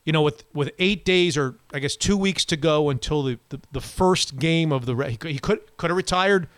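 A man hosting a casual sports talk show, animated, with quick back-and-forth and frequent restarts. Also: a little high, clean tone, no room sound. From Florida. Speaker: sports radio host.

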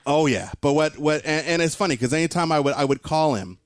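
A man co-hosting a casual sports podcast, telling stories in an animated way and laughing often. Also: a little high, quick pace, no echo, studio quality. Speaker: show producer and co-host.

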